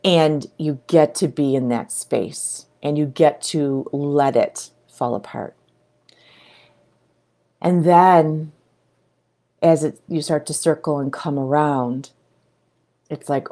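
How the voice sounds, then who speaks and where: Animated middle-aged woman talking to camera. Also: deep voice, slow, pauses often. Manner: animated, breaks into excited exclamations. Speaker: video creator and coach. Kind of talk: casual talk to camera.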